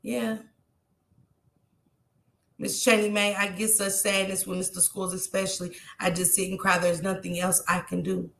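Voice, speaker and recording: A woman's voice: mid-range voice, level tone, normal speed, gravelly, long pauses, a bit bright, reverberant, slight background noise. A woman vlogger talking to her viewers in an impassioned, tearful way and reading out their chat comments. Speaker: YouTube vlogger. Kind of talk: emotional livestream talk to viewers.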